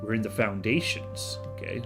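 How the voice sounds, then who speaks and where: A man's voice: fairly low pitch, moderate pace, over music. A man hosting a casual let's-play video, chatty and thinking aloud with frequent fillers and self-corrections. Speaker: gaming video host.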